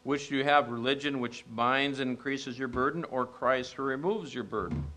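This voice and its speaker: A man preaching a sermon as a pastor, telling stories and asking rhetorical questions, rising to emphatic peaks and dropping low and quiet. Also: normal speed.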